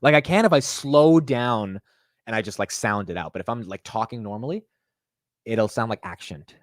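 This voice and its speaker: A young man hosting a finance livestream, talking in an excitable, rambling way and calling his viewers bro and dude. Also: fairly low pitch, normal speed, no room sound, clean studio sound. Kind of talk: casual live-stream chat.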